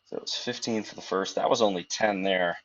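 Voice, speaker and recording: Between lifts, a gym streamer speaks quickly in a low, a bit bright voice with fairly even intonation. His casual talk is full of opinions and swearing, and the recording is dull and lo-fi.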